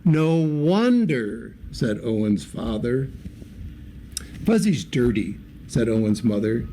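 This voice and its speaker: Male storybook reader, warm and mellow, lively with character voices, faint hiss. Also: on the low side, takes it slowly. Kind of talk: reading a picture book aloud.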